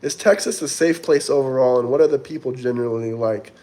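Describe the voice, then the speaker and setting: A man talking casually on a livestream, reading out viewer comments and answering them in a loose, rambling way. His voice sits at a middle pitch for a man, easygoing and conversational. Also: brisk, warm tone. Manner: chatty, rambling, reads viewer comments aloud. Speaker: livestream host reading chat.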